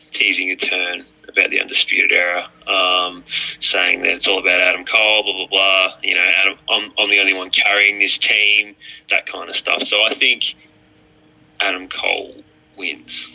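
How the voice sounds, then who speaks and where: A man's voice: deep voice, little pitch movement, normal speed, vocal fry, bright, forceful tone, slightly rough. A man chatting crudely as a podcast guest, often stammering and restarting. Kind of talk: casual podcast chat. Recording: lo-fi muffled mic.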